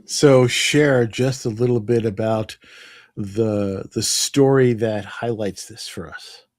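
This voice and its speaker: A man's voice: on the low side, slow pace, darkish tone, no room sound. A man hosting an interview, prompting the guest and then wrapping up the show in plain, brief phrases. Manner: brief encouraging backchannels and plain wrap-up. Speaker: interview host.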